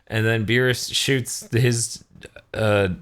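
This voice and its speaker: Bright-voiced man recapping with silly voices. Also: medium pitch, steady tone, slow pace, smooth. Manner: retells scenes, acting out character lines in funny voices. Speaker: podcast co-host. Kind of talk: casual recap chat.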